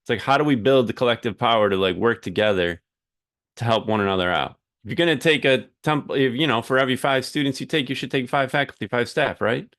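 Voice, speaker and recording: A man's voice: medium pitch, fast, fairly bright tone, no echo, studio quality. A man moderating an online teach-in, casual and encouraging.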